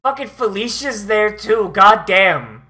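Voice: medium pitch, animated, a little slow, pushed and bright. A streamer giving rambling, profane commentary while watching an anime episode, often restarting sentences. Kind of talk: casual reaction commentary.

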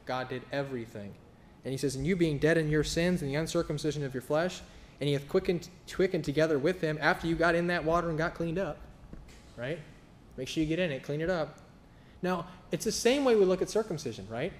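In church, a man delivers a sermon in a casual, sarcastic, flippant manner, a little fast, voicing other people as he tells his stories. His voice is slightly higher than typical for a man, and the sound is roomy, with a faint hum beneath it.

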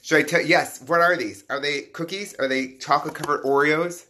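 A man chatting casually on a live stream as he unboxes collectible toys, excitable and chatty, greeting viewers by name. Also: on the high side, normal speed.

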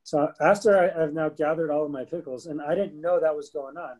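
A man in his thirties co-hosts a casual podcast and tells a story with lively energy. His voice sits a little high, with a husky, mellow tone. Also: a little fast, rough recording. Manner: animated storyteller, bursts into rapping. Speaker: podcast co-host.

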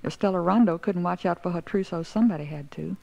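Woman narrator, wry storytelling; low, dark, gravelly voice. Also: quick pace. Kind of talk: story reading. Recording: dull lo-fi recording.

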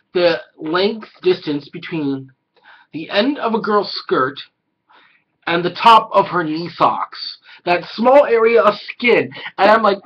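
A man giving an excitable, casual anime review, swearing a lot and breaking into loud exclamations. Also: a little high, dull audio, a little hiss or hum.

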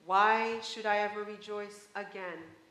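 A woman's voice: mid-range voice, steady tone, measured pace, a bit bright, roomy sound, natural voice. A woman voicing a grieving, stubborn young daughter who speaks in a pleading, determined way.

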